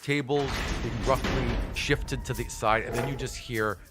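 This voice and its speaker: A man's voice: medium pitch, steady tone, normal speed, very noisy. A man narrating a tabletop game as game master, painting gory scenes in a casual way. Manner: vivid, gory scene-setting with casual fillers.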